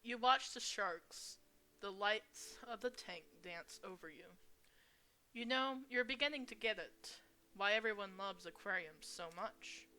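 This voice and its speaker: Slow, bright-voiced woman reading a game. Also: mid-range voice. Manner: reads slowly, with crude asides. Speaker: gamer. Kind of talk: reading a visual novel aloud.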